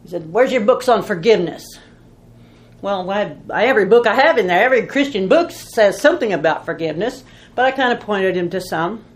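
A woman's voice: medium pitch, animated, fast, reverberant. A woman teaching a Bible study in an informal, folksy way, telling stories and asking rhetorical questions.

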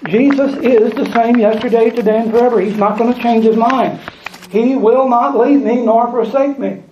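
High-voiced emphatic male preacher. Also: steady tone, normal speed, background noise. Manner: emphatic, repeats lines for stress. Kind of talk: sermon with scripture reading. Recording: echoey room, dull lo-fi sound.

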